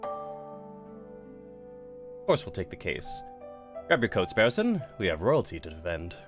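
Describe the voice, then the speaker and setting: An earnest, businesslike bird lawyer with a brisk, formal way of speaking, as a man reads him. His voice sits on the lower side but swings widely. Game music is clearly heard behind. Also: huge pitch swings, full character voice. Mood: determined.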